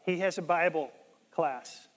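A man preaching a sermon as pastor, emphatic and surging loud on key words, often stumbling and restarting his words. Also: fairly high pitch, measured pace, big-room sound.

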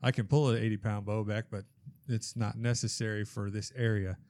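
A man's voice: lowish voice, fairly even intonation, fairly quick, darkish tone, no echo. A man who is a guest on a casual podcast chat, explaining things in a plain, matter-of-fact way. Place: podcast studio room.

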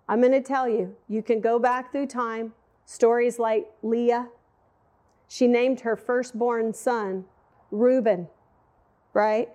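A middle-aged woman with a drawl delivers a heartfelt sermon in a high, bright voice. She talks to the room like friends, conversational and openly emotional. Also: steady tone, slow pace. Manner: emotional, conversational, addresses audience directly. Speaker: women's Bible teacher.

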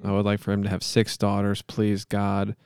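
Gravelly low-voiced man hosting a podcast. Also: monotone, moderate pace, a little mellow, no echo, clean studio sound. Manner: joking, mock-solemn praying. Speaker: podcast host. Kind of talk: casual podcast chat.

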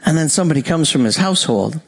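Animated high-voiced male preacher. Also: fast, gravelly, breathy edge. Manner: animated storytelling, acts out voices, laughs often. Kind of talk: sermon.

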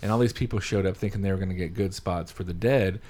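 A man's voice: low-pitched, fast. A man hosting a casual chat, swearing freely and acting out crowd reactions in his stories. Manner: profane, animated crowd impressions.

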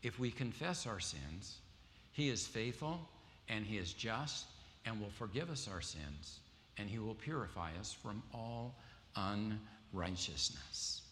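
A man's voice: lowish voice, lively intonation, takes it slowly, a bit bright, a little hiss or hum. A man preaching a sermon to a congregation, telling stories and quizzing the audience with questions. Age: adult with wife and kids. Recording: long hall reverb, faint ambience.

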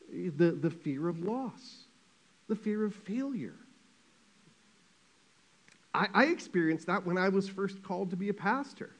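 A man preaching a sermon as a pastor, telling a story in a lively, conversational way with quick asides. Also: high-pitched.

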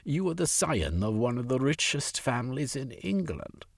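A man's voice: medium pitch, very animated, normal speed, creaky, no echo, studio quality, pitched above the performer's own voice. A man voicing a passionate young aristocrat turned radical, pleading his case in a storybook reading. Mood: impassioned.

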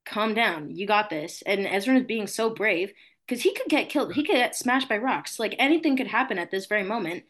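A woman's voice: fairly high pitch, animated, a little fast, fairly bright tone. A woman co-hosting a casual podcast, talking loosely with lots of fillers and frequent giggles. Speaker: podcast co-host.

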